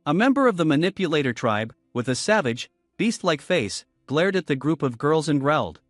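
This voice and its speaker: A man's voice: on the high side, normal speed, hardly any pauses, no echo, studio quality, faint music behind. A man narrating a comic recap in a scripted voice, reading every character himself. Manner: reads all characters in one steady narrating voice.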